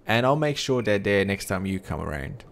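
A man's voice: lowish voice, very animated, normal speed, vocal fry, a little hiss or hum. A young man commentating his own gameplay, chatty and coaxing animals along, growing easily exasperated. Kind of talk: let's play commentary.

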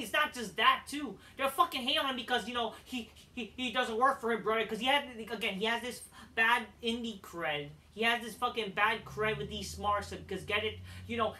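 A man's voice: sits high, sharp tone, distant mic. A man reviewing a wrestling show in a heated, profanity-laden rant.

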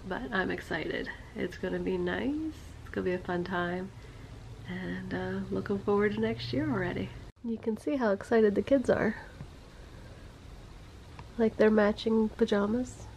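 A young woman and mother narrating a casual family vlog, quiet and low as she recounts, loud and high when she talks to her babies. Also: a little slow, vocal fry, a little hiss or hum.

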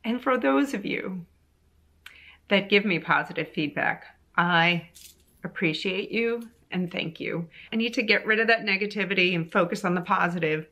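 A woman's voice: mid-range voice, normal speed, pushed and bright. A woman in her forties, a veterinary cancer specialist, talking to camera in an emphatic, exasperated way and repeating phrases for emphasis. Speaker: veterinary oncologist vlogger. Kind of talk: frustrated vlog monologue to camera.

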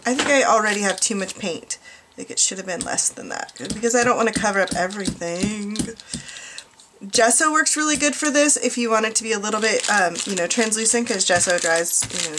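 A young American woman chatting casually and rambling to viewers while she makes an art journal page at home, often asking them questions. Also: medium pitch. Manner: chatty, self-deprecating, asks viewers questions. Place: small apartment art desk. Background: faint dog noise.

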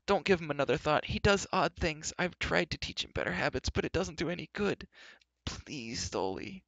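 A man voicing a whiny, cowardly male wizard who pleads and wails softly, on a dull lo-fi recording. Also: fairly high pitch, animated, normal speed, creaky, dry recording, voice pushed up, heavily acted. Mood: pleading. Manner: wailing, pleading, soft.

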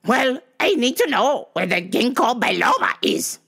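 A woman's voice: on the high side, sing-song, a little slow, creaky, a bit bright, breathy edge, pitched above the performer's own voice, full character voice. A woman voicing a rude, demanding old woman customer who talks in a curt, insistent way.

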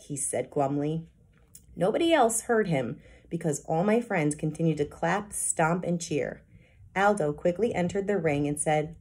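A woman kindergarten teacher reading a children's chapter book aloud with expressive storytelling narration. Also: low voice, moderate pace, husky.

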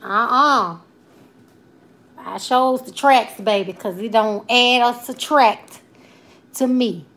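A comedian in her twenties with a Southern Alabama accent hosts a casual livestream, loosely and playfully answering viewer comments with a sprinkle of Southern slang. Her voice is on the high side and fairly bright, and she takes it slowly, pausing often.

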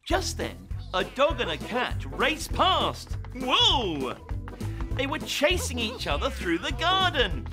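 A man narrating a children's story in a playful, expressive way, inviting children to join in. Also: very high voice, unhurried, hardly any pauses. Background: children's music.

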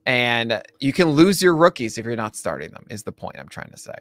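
A man with a bright, forceful voice co-hosts a casual baseball talk show. His pitch swings widely as he gets excited, and he laughs often and trips over his own restarts. The sound is dry and close. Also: brisk, no echo. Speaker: podcast co-host.

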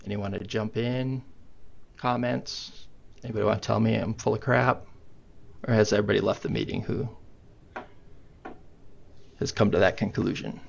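Man, low gravelly voice, relaxed webinar presenter, muffled call audio. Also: moderate pace, pauses often. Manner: conversational, many fillers. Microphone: computer mic on video call. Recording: muffled online meeting audio.

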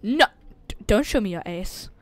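A woman's voice: medium pitch, animated, normal speed, dry recording. A woman narrating a horror survival game as she plays, jumpy and swearing constantly, shrieking at scares. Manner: jumpy, swears a lot, shrieks when startled. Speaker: gaming channel host. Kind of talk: let's play commentary.

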